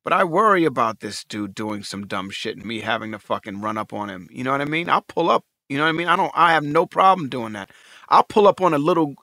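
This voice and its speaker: A man in his forties, a podcast co-host in casual chat, animated and profane, repeating words when he gets excited. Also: mid-range voice, fast, creaky, no echo, studio quality.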